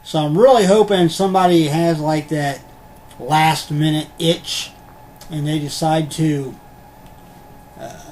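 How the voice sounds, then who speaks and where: Unboxing collectibles on camera, a man rambles casually, dropping frequent ums and the odd curse word. His voice is on the high side with a darkish tone, and the computer webcam recording has a little hiss or hum.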